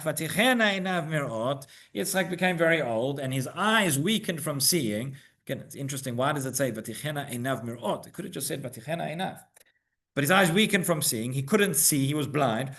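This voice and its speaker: A rabbi gives a Torah lesson to his congregation in a synagogue. His voice sits a little high for a man, and he talks in an engaged, conversational way, throwing out rhetorical questions and tagging on "right?" as he goes. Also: fairly bright tone. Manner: repeats words as he builds a point. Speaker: rabbi teaching the weekly Torah portion.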